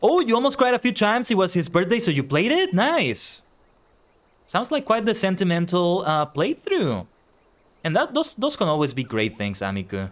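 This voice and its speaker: A man's voice: high-pitched, normal speed. A man streaming live, chatting casually with his viewers and reading their messages aloud as he answers them. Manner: animated, reads and answers chat aloud.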